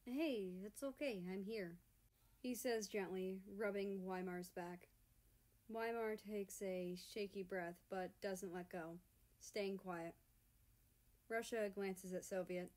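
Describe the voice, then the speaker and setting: A woman reading a fan-written story aloud in a soft, unhurried narration. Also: medium pitch, steady tone. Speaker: fan fiction reader.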